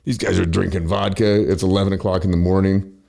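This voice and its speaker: A man with a very deep voice spins a loose podcast story, swearing freely and filling the gaps with "you know" and "I mean." His talk is casual and rambling. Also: little pitch movement, fast, gravelly, warm tone. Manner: profane, loose, full of fillers and laughs. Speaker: guest.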